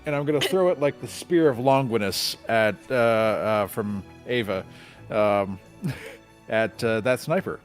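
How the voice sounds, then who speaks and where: A man's voice: on the low side, measured pace, soft background music. A man playing a tabletop game casually, laughing between lines. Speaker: player.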